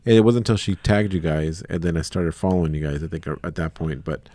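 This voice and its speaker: Man, podcast host, very low voice, dry close sound, rambling storyteller. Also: a little fast, mellow, dry recording. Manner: rambling, storytelling with quoted asides. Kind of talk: casual interview chat.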